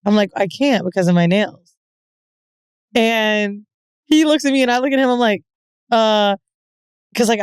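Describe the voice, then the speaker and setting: A woman's voice: mid-range voice, a little mellow, smooth, no room sound. A woman in her thirties co-hosting a podcast, telling a story in casual chat, acting out the quotes and swearing freely. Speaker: podcast co-host.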